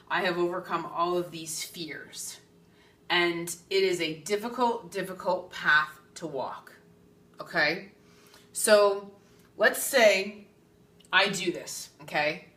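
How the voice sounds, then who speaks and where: Animated woman psychic explaining stuff, bright voice, laughs a lot, keeps saying okay, roomy echo. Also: medium pitch, distant mic. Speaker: psychic medium. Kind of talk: spiritual teaching talk.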